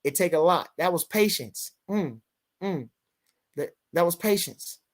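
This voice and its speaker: A man's voice: on the high side, expressive, a little slow. An older man, hosting a casual live boxing stream in a rambling way, full of fillers, reading out chat comments. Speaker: podcast host.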